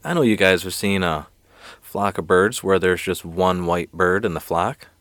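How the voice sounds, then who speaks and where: A man voicing a panicky male reporter who pleads in a flustered, higher voice in a spoken joke. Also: moderate pace, a bit bright, dry recording, studio quality.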